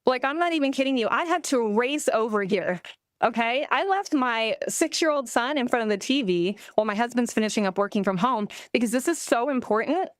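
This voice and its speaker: A woman's voice: fairly high pitch, lively intonation, a little fast, no echo, clean studio sound. A woman in her thirties, a parent, speaking heatedly at a public school board meeting and filling her talk with "like". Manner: angry, heated, peppered with "like". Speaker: parent giving public comment. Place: public meeting room at a podium.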